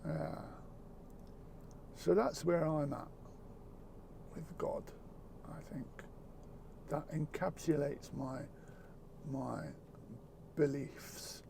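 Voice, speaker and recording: A man speaking earnestly in a reflective, casual chat, halting and repeating words as he goes, with the odd swear word. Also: fairly high pitch, vocal fry, dark tone, slight background noise.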